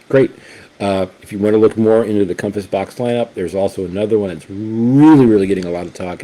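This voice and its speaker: Mellow-voiced man, halting whisky review. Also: lowish voice. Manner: halting and enthusiastic, many fillers and restarts. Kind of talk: casual spirits review.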